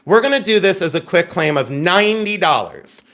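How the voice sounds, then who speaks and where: A man with a notably high voice talks his way through a live jewelry sale. He is middle-aged, chatty and playful, and thanks viewers by name while showing off pieces. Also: sing-song, normal speed, pushed and bright. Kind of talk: live-stream selling chat.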